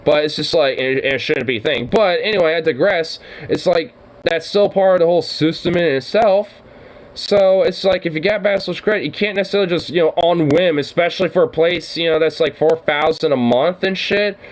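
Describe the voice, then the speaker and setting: A man's voice: on the high side, fairly quick, rough recording. A man reacting to a video in casual, profane commentary, ranting in exasperation. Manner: exasperated, ranting, swears a lot.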